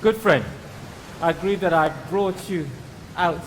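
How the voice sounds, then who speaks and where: A man's voice: sits high, measured pace, in a large hall, noisy background. A man playing an earnest, worried young pilgrim in an amateur play.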